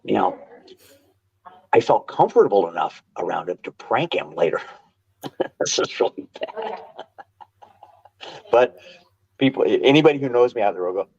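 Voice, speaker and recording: An older man telling stories as a podcast guest, animated and quick to restart his sentences, on dull lo-fi audio. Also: fairly low pitch, gravelly, husky. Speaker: guest, martial arts instructor. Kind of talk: casual storytelling interview.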